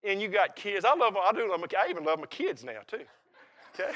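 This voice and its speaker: Older male preacher, folksy and emphatic, bright tone, a touch high. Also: big pitch swings, fast. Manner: folksy and emphatic, swings from quiet to loud and laughing. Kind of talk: sermon.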